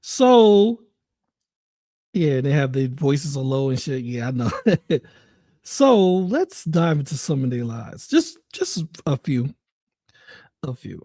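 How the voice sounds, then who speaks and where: Slow, mocking streamer in a dry room. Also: medium pitch, sing-song, warm tone, dry recording. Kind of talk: casual stream commentary.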